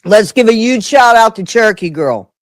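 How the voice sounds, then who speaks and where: Brief: mid-pitched livestream host, chatty and loose, greets viewers by name, dry close-mic sound. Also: expressive, moderate pace, no room sound. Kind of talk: casual livestream chat.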